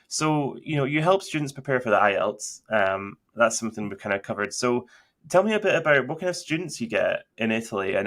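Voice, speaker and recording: A man conducting a relaxed interview, asking long questions padded with "kind of" and "you know". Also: lowish voice. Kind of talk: conversational interview.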